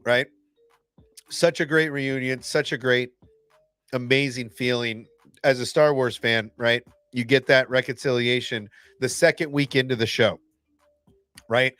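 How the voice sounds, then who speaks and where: A man hosting a casual fan reaction video, excitable and blunt, swearing and restarting his sentences often. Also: mid-range voice, unhurried, pauses often, clear, resonant tone, no room sound, faint music behind.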